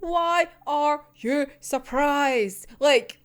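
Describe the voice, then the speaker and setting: A woman's voice: sits high, very slow. A young woman in a casual, profane reaction rant, exasperated and breaking into laughter. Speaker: manga reviewer.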